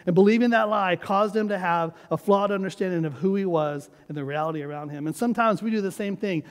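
A man's voice: sits high, fast. A man preaching a sermon as pastor, emphatic and urging the congregation to repeat his words. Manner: emphatic, urges the congregation to repeat after him. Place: church sanctuary. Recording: long hall reverb of a church sanctuary.

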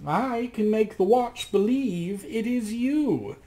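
A man voicing a crafty, scheming magician who speaks in a high, shrill, slow and gloating way while reading a storybook aloud. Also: warm tone. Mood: sly gloating.

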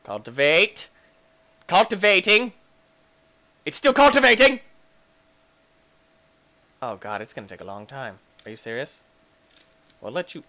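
A man offers excitable let's-play commentary while reviewing a game mod, his mid-range voice playfully chatting with in-game objects. Every so often he bursts into sudden, jokey shouts.

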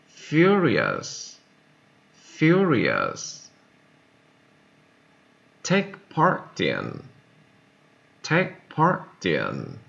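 A man reading vocabulary words one at a time, each said twice with long pauses, as in a language lesson. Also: sits low, gravelly, pushed and bright. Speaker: vocabulary reader. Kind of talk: slow word-by-word vocabulary reading. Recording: dull lo-fi recording.

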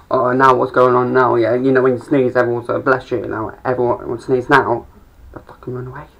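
Young man, gravelly voice, sweary rambling stand-up, dull lo-fi sound. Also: mid-range voice, steady tone, normal speed, fairly bright tone. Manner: rambling, sweary, mumbling asides. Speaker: amateur comedian. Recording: dull lo-fi home recording.

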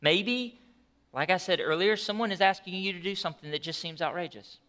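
A man preaching a sermon as pastor, telling the story in an animated, conversational way with asides. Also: high voice, fairly quick.

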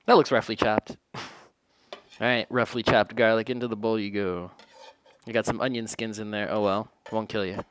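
A man's voice: fairly low pitch, steady tone, normal speed, fairly bright tone, slight background noise. A man casually narrating his home cooking in a kitchen, rambling and joking at his own expense. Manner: joking, rambling, self-deprecating. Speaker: home cook vlogger.

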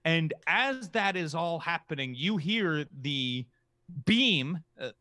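A man's voice: on the high side, lively intonation, slow pace, sharp tone, no room sound. A man running a tabletop game as game master, narrating the action casually with many fillers.

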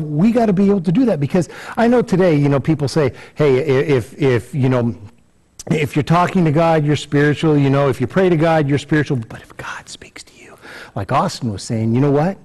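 A man's voice: fairly high pitch, animated, quick pace, a little mellow. Man preaching with many fillers. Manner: conversational, many fillers and repeated words. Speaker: pastor. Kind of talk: sermon. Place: church.

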